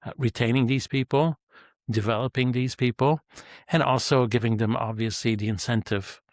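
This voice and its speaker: A retired male executive guest on an interview podcast, talking in a measured, reflective way with frequent fillers. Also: medium pitch, steady tone, no echo, studio quality. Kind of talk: conversational interview answers.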